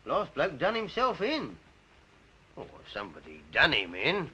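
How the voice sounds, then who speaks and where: An actor playing a chirpy railway porter, who gossips in a cheeky way. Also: male voice, on the high side, huge pitch swings, measured pace, bright, forceful tone, slight background noise, exaggerated voice. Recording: muffled 1930s film soundtrack.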